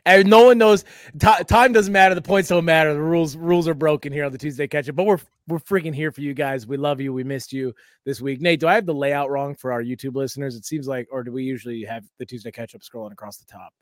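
A man's voice: on the high side, fairly even intonation, fast, no echo. Joking young man hosting with dry sound. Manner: loose, joking, swears often, does mock voices of people. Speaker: podcast host. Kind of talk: casual comedic chat.

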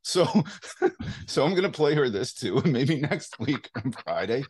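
A man talks in casual podcast banter, his pitch bouncing around a lot as he tells stories. He laughs easily and slips into quick impressions of his wife. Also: big pitch swings, darkish tone, slightly rough. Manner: jokey, laughs often, acts out his wife's lines. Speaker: co-host.

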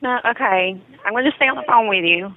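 A woman working as a 911 dispatcher, speaking calmly and reassuringly to a hurt caller. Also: a little high, quick pace, dry recording. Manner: calm, reassuring, steady. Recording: tinny phone line recording.

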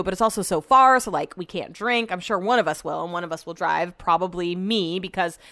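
A woman in her thirties from the United States hosts a solo podcast in a casual, rambling way, full of fillers and cheerful swearing. Her voice sits at an ordinary middle pitch. It is recorded close and dry, with no room sound. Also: a bit bright, dry recording. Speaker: podcast host.

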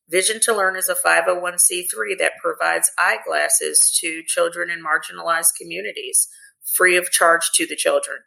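Woman guest, earnest storyteller, gravelly bright tone, measured delivery. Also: lowish voice, low-quality recording. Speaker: guest, sports team executive. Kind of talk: interview storytelling.

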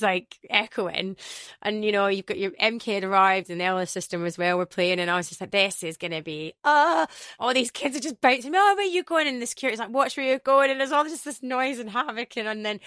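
A Scottish woman from Glasgow, a DJ guest in a casual interview, telling stories in an animated way and acting out the voices she quotes. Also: medium pitch, dry recording, clean studio sound. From Glasgow, Scotland. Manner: animated storyteller who acts out quoted voices.

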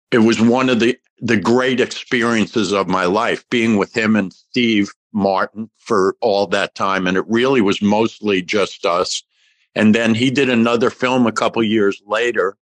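An older actor being interviewed acts out every part of a long story, emotional and lively as he quotes each person. His voice sits on the lower side, with no room sound.

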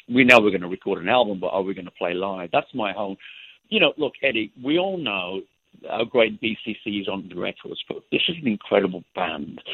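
An older man, a musician guest, talking in an effusive, warm way during a casual interview. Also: lowish voice, gravelly, slightly rough, no room sound. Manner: effusive and warm about others. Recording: tinny phone line.

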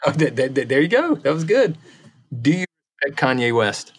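A man's voice: mid-range voice, normal speed, breathy edge. A man co-hosting a casual podcast, reading quiz questions in an upbeat, encouraging way.

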